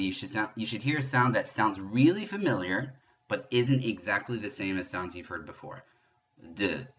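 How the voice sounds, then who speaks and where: A man giving a patient pronunciation lesson, explaining French sounds step by step and demonstrating them slowly. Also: fairly low pitch, a bit bright, muffled recording. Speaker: French teacher.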